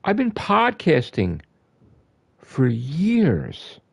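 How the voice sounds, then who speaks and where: A man on a gaming live stream, ranting in a heated, profane way, repeating himself and swinging from loud outbursts to low grumbles. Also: wildly swooping pitch, very slow, vocal fry, breathy edge, dull audio. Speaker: gaming livestreamer.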